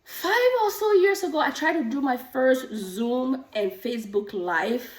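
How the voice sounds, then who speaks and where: A middle-aged woman, a nurse practitioner and coach, telling stories in a casual vlog, animated and a little out of breath from pedaling an exercise bike. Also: sits high, measured pace. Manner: animated storytelling, acts out quoted voices. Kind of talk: casual talking-head vlog. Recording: echoey room, mic at a distance.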